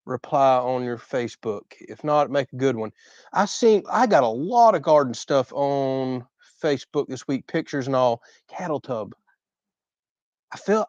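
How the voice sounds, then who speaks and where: A man's voice: mid-range voice, no room sound, dull audio. Southern drawling man on a livestream. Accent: Southern US, Florida. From Southern United States. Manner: relaxed, reads viewer questions aloud and chats. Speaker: co-host of a channel livestream. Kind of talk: casual livestream Q&A.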